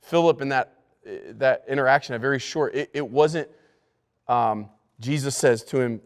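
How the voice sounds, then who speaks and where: A man's voice: mid-range voice, normal speed, smooth. A male pastor giving a leadership lesson to church staff. He talks emphatically, repeats key words and often restarts his sentences. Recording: long hall reverb.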